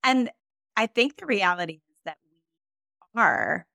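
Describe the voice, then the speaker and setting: A woman's voice: mid-range voice, animated, slow pace, creaky, pushed and bright, no echo. A woman co-hosting a podcast, chatting candidly and animatedly with lots of fillers, close to the mic. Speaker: podcast co-host. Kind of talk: casual chat.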